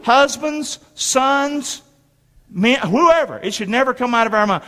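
A middle-aged pastor preaches a sermon in a church sanctuary, his voice pitched extremely high, sharp in tone, with lively intonation and an unhurried delivery. He is emphatic and calls on the congregation to answer back. The recording carries a long hall reverb.

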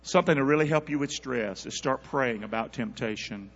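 A man preaching a sermon, calling on the congregation to answer back and swinging between loud and hushed. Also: medium pitch, brisk, vocal fry. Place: church. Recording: dull sound with long church reverb.

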